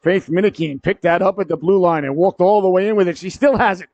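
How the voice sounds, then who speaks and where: A man delivers hockey play-by-play in a somewhat high voice, tossing in wry jokes and jumping to shouts at big moments. The audio is dry and a little dull, like a small local broadcast. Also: fast talker, no echo. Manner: jokey asides, rises sharply to shouts on goals. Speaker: play-by-play commentator.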